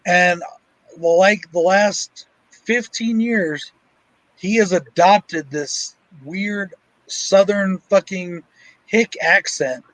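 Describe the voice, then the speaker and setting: A man's voice: high voice, very slow, fairly bright tone, no room sound, low-quality recording. A man co-hosting a casual chat, speaking bluntly and swearing often. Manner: blunt, swears a lot, tells stories. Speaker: co-host.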